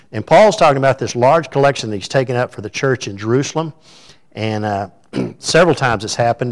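A pastor delivers a sermon to his congregation. His talk is folksy and full of stories, with a middle-range male voice. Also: mid-range voice. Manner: folksy, storytelling. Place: church sanctuary.

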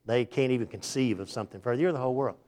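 A man's voice: medium pitch, racing, a little mellow. A middle-aged man giving an informal faith talk, rambling and folksy, who acts out the people in his stories. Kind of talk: informal sermon with storytelling.

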